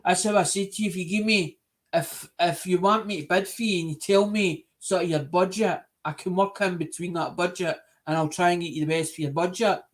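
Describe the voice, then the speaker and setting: Scottish man, high voice, casual live stream host, earnest, rambling, repeats himself. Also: steady tone, a little fast.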